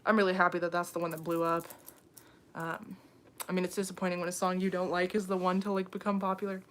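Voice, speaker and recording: A woman's voice: on the low side, little pitch movement, fast, a bit bright. A young woman hosting a casual livestream, chatting with viewers, reading their comments aloud, with frequent ums and laughs. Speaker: livestream host.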